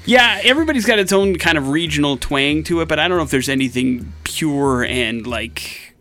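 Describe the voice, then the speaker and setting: A man co-hosting a morning radio show, bantering in a relaxed, wry way. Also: a little high, moderate pace, soft background music. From Midwest.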